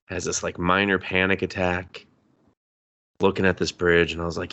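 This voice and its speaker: A man's voice: low-pitched, little pitch movement, normal speed, fairly bright tone. A man co-hosting a casual movie review podcast, swearing freely and acting out scenes in quoted voices. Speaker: podcast co-host.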